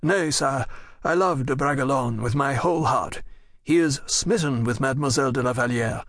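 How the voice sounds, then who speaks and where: A man's voice: medium pitch, moderate pace, fairly bright tone, no room sound, studio quality. A man voicing a dignified older nobleman and father who pleads in courtly, earnest speech in an audiobook.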